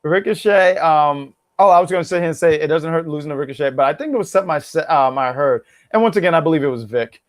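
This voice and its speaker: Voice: medium pitch, fast talker, few pauses, dry recording, studio quality. A co-host of a wrestling review show in casual chat, joking around, ranting and laughing often.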